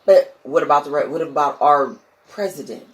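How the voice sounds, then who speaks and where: Opinionated man, slightly high voice. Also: moderate pace, fairly bright tone, poor audio. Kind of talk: casual chat.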